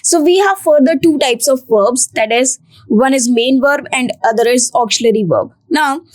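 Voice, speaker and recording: A woman's voice: high-pitched, moderate pace. Woman teaching grammar, repeats key points. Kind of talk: grammar lesson for exam students.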